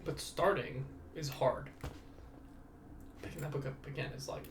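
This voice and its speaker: A man's voice: a little high, a little slow, gravelly, background noise. A young man hosting a casual solo podcast, rambling and self-mocking, swearing freely. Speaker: podcast host.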